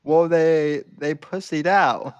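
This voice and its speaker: Male podcast host, dry and teasing, speaks slowly with halting restarts. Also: a little high, smooth, lo-fi sound. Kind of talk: casual podcast banter.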